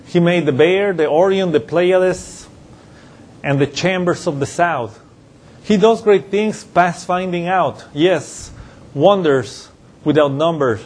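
A man delivers a Bible-teaching sermon in a relaxed, conversational manner, often circling back on his phrases. His voice sits a little high for a man and has a husky edge. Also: slow. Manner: conversational with frequent restarts and chuckles. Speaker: pastor.

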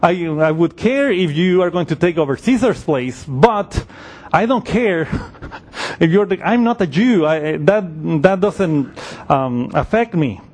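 A man's voice: a little high, animated, slow pace, a little mellow, exaggerated voice. A man preaching a sermon voices an exasperated Roman governor, firing off impatient, dismissive questions.

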